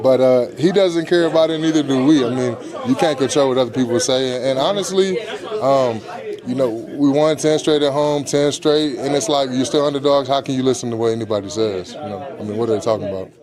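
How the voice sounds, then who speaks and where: A man's voice: mid-range voice, a little fast, a crowd in the background. A male pro football player answering reporters in a laid-back, slangy way, with lots of "you know". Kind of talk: locker room media interview.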